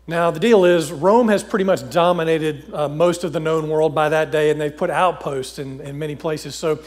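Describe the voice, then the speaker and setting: A man preaching a sermon in a relaxed, conversational way, paraphrasing scripture with frequent fillers and restarts. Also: fairly high pitch. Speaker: pastor. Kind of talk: casual sermon with scripture reading.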